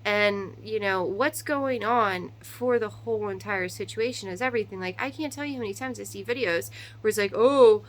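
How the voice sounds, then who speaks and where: A woman in her thirties, a mother of three, venting in a casual, animated monologue to camera with quick asides and rhetorical questions. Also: medium pitch, rough recording.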